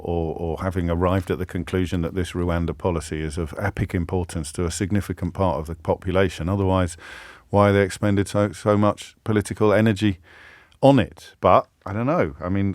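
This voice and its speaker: A man's voice: on the low side, no room sound, studio quality. A man hosting a radio phone-in, wry and sardonic as he takes calls. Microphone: studio microphone.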